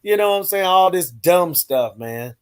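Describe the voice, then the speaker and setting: A man's voice: sits high, lively intonation, normal speed, clean tone. A man co-hosting a casual chat, rambling with many filler phrases.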